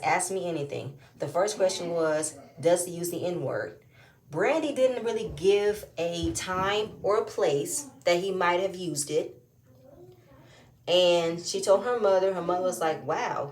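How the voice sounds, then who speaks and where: A woman's voice: fairly low pitch, measured pace, a little mellow. A woman giving a casual, opinionated recap of a reality show, often rising into emphatic outbursts.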